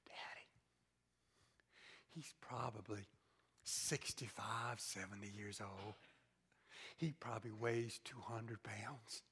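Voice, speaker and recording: A preacher delivering a sermon as dramatic storytelling, swinging between loud exclamations and hushed, whispered passages. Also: medium pitch, fairly even intonation, takes it slowly, long pauses, a little hiss or hum.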